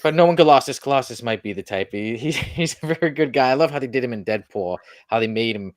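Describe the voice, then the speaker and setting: A man co-hosting a comic book podcast, chatting in a casual, animated way and teasing his co-hosts with frequent laughs. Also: medium pitch, quick pace, dry recording, studio quality. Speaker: podcast co-host. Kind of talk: casual chat.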